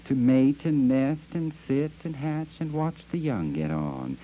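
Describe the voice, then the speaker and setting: A man's voice: medium pitch, animated, a little slow, voice pushed up. A man voicing a chorus of wild birds, imitating quacks, hoots and chirps. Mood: cheerful. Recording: dull lo-fi archive recording.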